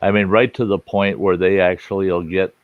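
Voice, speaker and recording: A man's voice: sits low, little pitch movement, a little fast, no room sound, phone-quality sound. A man hosting a casual group chat, telling stories with a joking manner. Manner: joking storyteller.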